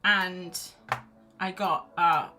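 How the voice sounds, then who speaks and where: Speaking extremely slowly in a steady, fairly low-pitched voice, an art streamer paints live from her sofa at home, wrapped in a blanket. She chats casually, reads messages from chat, rambles and cheers herself on, with quiet music in the background.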